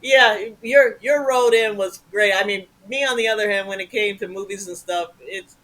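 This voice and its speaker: Bright, forceful woman telling a story. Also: medium pitch, moderate pace. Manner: animated, profane, acts out voices in her anecdotes. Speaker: interview guest. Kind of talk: casual storytelling.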